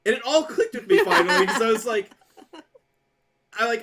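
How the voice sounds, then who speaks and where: Animated woman telling a story. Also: on the high side, moderate pace, pauses often. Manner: animated storyteller, acts out both sides of a dialogue, swears casually. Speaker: podcast co-host. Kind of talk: casual chat, telling an anecdote.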